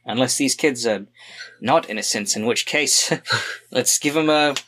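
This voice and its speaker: A man's voice: mid-range voice, measured pace, sharp tone, a little hiss or hum. A man playing a tabletop game, casual and joking, often hesitating mid-sentence. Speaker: player.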